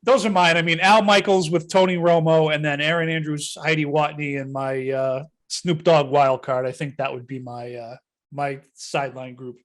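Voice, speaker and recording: A man co-hosting a casual sports podcast, rambling and telling stories. His voice sits a little higher than most men's. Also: fairly even intonation, normal speed. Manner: rambling, storytelling. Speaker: podcast co-host.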